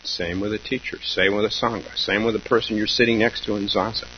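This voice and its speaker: Low-voiced man giving a slow Zen talk. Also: fairly even intonation. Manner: slow, halting, reflective with pauses and soft laughs. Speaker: Zen teacher. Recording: dull lo-fi recording with faint hum.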